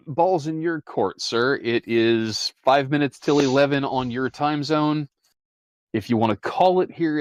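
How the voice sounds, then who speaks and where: A man running a tabletop game as game master, animated and laughing often. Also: mid-range voice, no room sound.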